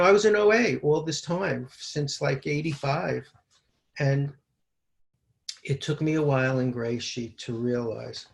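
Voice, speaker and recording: A man in his sixties, from New York, sharing his recovery story at a twelve-step meeting over a video call, moving from a halting read-out timeline into loose, candid talk. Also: medium pitch, vocal fry. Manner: halting, reads terse timeline then talks freely. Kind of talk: personal recovery share. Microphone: video call mic.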